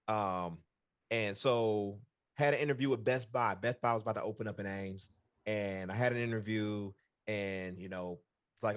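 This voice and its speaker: Low-voiced man telling a story. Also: a little fast, no echo, studio quality. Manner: relaxed, rambling with many fillers and quoted dialogue. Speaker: podcast co-host. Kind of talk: casual storytelling chat.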